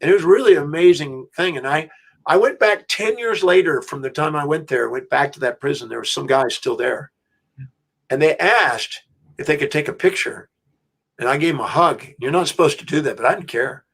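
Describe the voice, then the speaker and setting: A middle-aged man, an interview guest, telling a story in an animated, emphatic way, with restarts. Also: a little high, a little fast, gravelly, husky. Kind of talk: storytelling anecdote.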